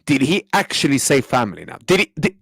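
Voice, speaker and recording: Ranting football fan, lively pitch. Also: male voice, fast, creaky, no room sound, low-quality recording. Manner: exasperated, slangy, repeats himself. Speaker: football fan channel host. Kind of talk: heated match reaction rant.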